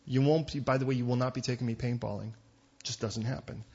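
Husky pastor man, joking sermon asides. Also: mid-range voice, fairly even intonation, darkish tone, dull audio. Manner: conversational, joking asides, quick digressions.

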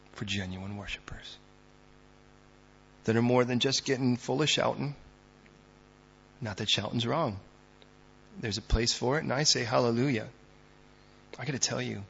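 Male pastor, gravelly husky voice, sermon delivery that swings loud to hushed, dull lo-fi recording. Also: medium pitch.

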